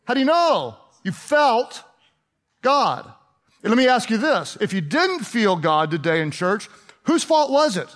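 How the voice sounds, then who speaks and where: A pastor with a high voice for a man delivers a sermon like a chat with his congregation. He fires questions at the crowd and slips into playful sarcasm. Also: sing-song, a little slow, a bit bright.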